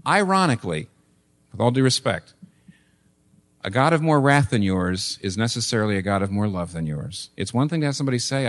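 A man's voice: fairly low pitch, expressive, a little fast. A man preaching a sermon as pastor, emphatic, repeating phrases and asking rhetorical questions. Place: church.

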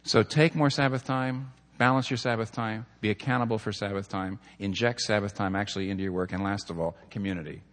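A man's voice: lowish voice, fairly even intonation, fairly quick, hardly any pauses, fairly bright tone. A middle-aged man, a pastor, preaching a sermon with earnest storytelling and numbered points. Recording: long hall reverb.

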